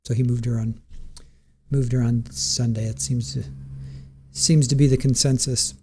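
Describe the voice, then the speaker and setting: A man with a warm, mellow voice hosts a casual live stream, thinking aloud and restarting his sentences as he goes. He chats loosely and reads out viewer comments in a medium-pitched, easygoing tone. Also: flat delivery, normal speed, slight background noise.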